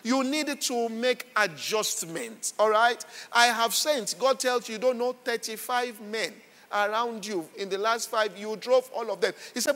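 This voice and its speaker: A man, a pastor preaching a sermon in an animated way and checking often that listeners follow him, heard with a long hall reverb. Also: extremely high pitch, moderate pace, slight background noise. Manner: animated, repeats "all right" and "are you following".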